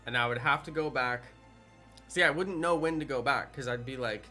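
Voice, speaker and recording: Male game streamer, mid-pitched, bright, rambling casual banter with viewers. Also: moderate pace, soft background music. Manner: rambling, playful, chatting with viewers. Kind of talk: casual live stream chat.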